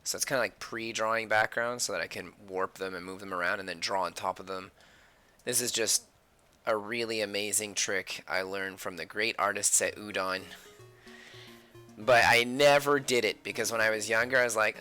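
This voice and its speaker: A man's voice: fairly low pitch, normal speed, pushed and bright, soft background music. A man chatting casually at home while he draws on a live stream, often muttering and whispering to himself as he sketches. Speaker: artist live-streaming his drawing.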